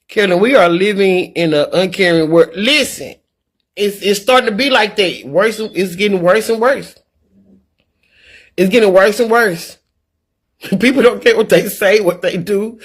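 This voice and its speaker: This is a middle-aged woman with a husky, mid-range voice, talking frankly on a live stream while she reads comments from viewers. Earnest and a little preachy, she starts repeating words once she gets worked up.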